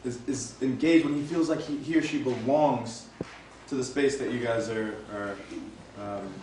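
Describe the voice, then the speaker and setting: A man's voice: medium pitch, moderate pace, a little mellow, recorded from a distance, slight background noise. A man facilitating a live training workshop. He talks conversationally, with frequent "right?" tags and restarts. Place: large room with audience. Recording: roomy, from off-mic.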